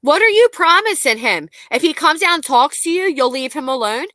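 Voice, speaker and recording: A woman's voice: high voice, expressive, a little fast, sharp tone, dry recording. A woman hosting a livestream, commenting bluntly and angrily with profanity while reading out chat messages. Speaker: commentary channel host.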